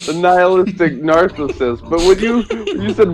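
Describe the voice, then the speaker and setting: High-voiced young man rambling. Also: expressive. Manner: rambling, halting storytelling. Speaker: podcast co-host. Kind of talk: casual podcast banter.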